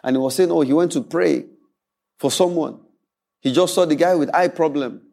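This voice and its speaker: A man's voice: fairly high pitch, normal speed, vocal fry. A male pastor preaching a sermon, telling stories with acted-out voices and frequent laughter. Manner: animated storytelling preacher, acts out quoted voices, laughs often.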